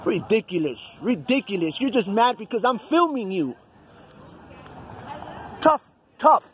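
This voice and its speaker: A man's voice: extremely high pitch, expressive, slow pace, fairly bright tone, a little hiss or hum. A man livestreaming outdoors at night on his phone, arguing with a deputy in a profane, repetitive way. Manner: argumentative, profane, repeats himself. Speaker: cop-watching livestreamer. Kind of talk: confrontational livestream filming. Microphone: phone he films with.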